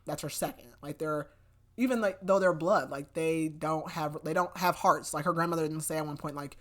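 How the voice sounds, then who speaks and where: A woman's voice: deep voice, moderate pace. A young adult woman hosting a podcast, casually retelling a book's plot with lots of "like" fillers and loose quoted lines. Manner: chatty, many "like" fillers, acts out quotes loosely. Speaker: podcast host. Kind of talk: casual book recap.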